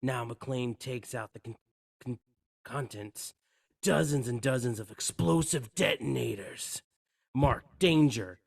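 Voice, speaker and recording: A man's voice: mid-range voice, takes it slowly, vocal fry, dry recording, clean studio sound. A man co-hosting a podcast, reading screenplay action lines aloud and stumbling over words. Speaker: podcast co-host.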